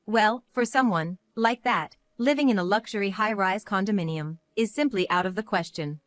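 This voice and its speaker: A woman in her thirties telling a first-person family drama story in a steady, matter-of-fact way. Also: medium pitch, moderate pace, dry recording. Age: 30s. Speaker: narrator.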